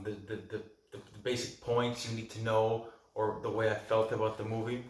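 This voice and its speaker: A man's voice: mid-range voice, a bit bright. A man hosting a casual video review, talking loosely to camera in a rambling, chatty way from a room at home. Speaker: vlog host reviewing films and beer. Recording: echoey room.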